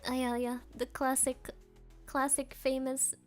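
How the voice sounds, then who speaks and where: Giggly high-voiced woman streamer. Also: little pitch movement, measured pace, faint music behind. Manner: giggly, chatty, reads chat aloud. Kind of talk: casual chat with chat readers.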